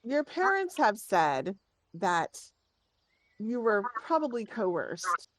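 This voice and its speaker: A woman's voice: mid-range voice, big pitch swings, slow, a little hiss or hum. A woman voicing a stern, officious male guard captain who gives curt orders.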